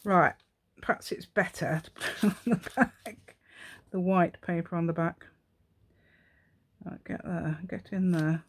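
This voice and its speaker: A woman's voice: on the low side, unhurried, pauses often. A woman hosting a casual craft tutorial. She thinks aloud and rambles chattily, talking to herself as she works. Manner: chatty, rambling, talks to herself while working. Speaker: craft channel host.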